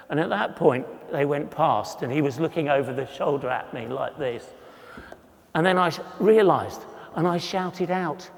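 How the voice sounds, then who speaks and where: A man's voice: fairly high pitch, very animated, normal speed, gravelly, long reverb tail. A man in his sixties from England giving a humorous, self-deprecating storytelling talk with slides, acting out voices in his anecdotes. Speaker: conference speaker.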